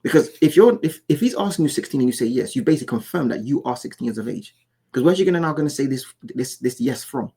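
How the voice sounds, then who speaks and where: A man's voice: mid-range voice, expressive, fast talker, warm tone, breathy edge. A man giving casual, insistent reaction commentary, often repeating and restarting his words as he argues his point. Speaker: commentary YouTuber.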